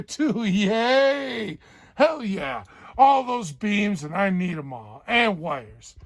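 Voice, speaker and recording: A DIY vlogger with a high-pitched voice and vocal fry films his own home building project, talking casually as he gets frustrated, swears and mocks his own work.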